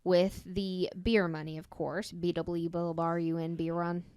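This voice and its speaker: A woman's voice: fairly low pitch, little pitch movement, unhurried, a little mellow, smooth, no echo. A woman co-hosting a podcast, casually telling a story with lots of fillers and self-corrections. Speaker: podcast co-host.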